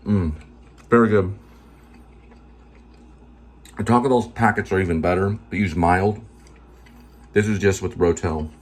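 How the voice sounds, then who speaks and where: A man's voice: low voice, a little slow, pauses often. A man hosting a casual cooking and pet vlog at home, rambling in an easygoing way with many filler words while he eats. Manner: talks while eating. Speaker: vlog host.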